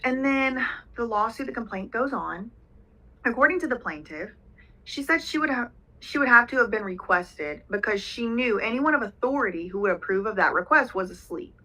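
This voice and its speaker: A woman with a higher-pitched, sharp, expressive voice speaks at a moderate pace on a rough recording. Hosting a reaction channel video, she casually reads a document aloud and comments on it conversationally, using lots of fillers.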